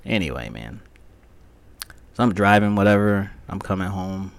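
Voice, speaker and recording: Podcast host, male, rambling profane storyteller, low voice, dry booth sound. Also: moderate pace, gravelly, no room sound. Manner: profane, animated, acts out both sides of the talk. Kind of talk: casual storytelling monologue.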